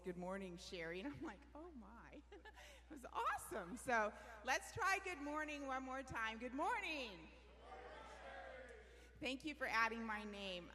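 Bright, energetic woman presenter in a hall. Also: a little high. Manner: energetic, asks the audience questions. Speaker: workshop presenter. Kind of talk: live business workshop talk. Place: large meeting room with audience.

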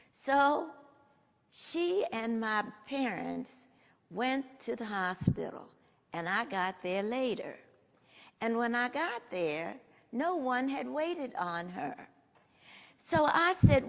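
An older woman with a gravelly voice, telling a personal story to an audience slowly and emphatically. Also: a little high, expressive. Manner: slow, emphatic, emotional storytelling. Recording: dull lo-fi sound with long hall reverb.

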